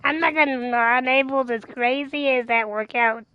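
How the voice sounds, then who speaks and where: A woman's voice: sits high, fairly even intonation, normal speed, clean tone. A woman streamer chatting casually, telling a long story in a rambling, emphatic way and swearing freely. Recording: dull lo-fi mic.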